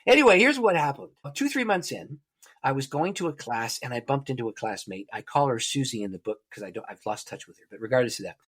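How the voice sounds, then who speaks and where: Husky guy on a podcast, spinning a story, acts out the dialogue. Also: medium pitch, fast talker. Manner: animated storyteller acting out dialogue. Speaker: guest author and prayer teacher. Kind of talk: personal storytelling in a podcast interview.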